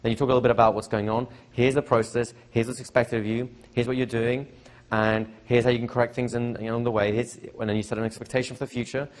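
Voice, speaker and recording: A man's voice: medium pitch, little pitch movement, quick pace, few pauses. A middle-aged man teaching hypnosis to a live seminar audience, chatty and repetitive, often checking in with questions. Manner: conversational, repeats phrases, asks the audience questions. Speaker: hypnosis trainer.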